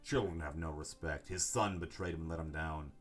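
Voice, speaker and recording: A man's voice: very deep voice, faint music behind. A man voicing a mad old grandfather. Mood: lamenting. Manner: slow, brooding, menacing. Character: old nobleman grandfather, zealous and going mad.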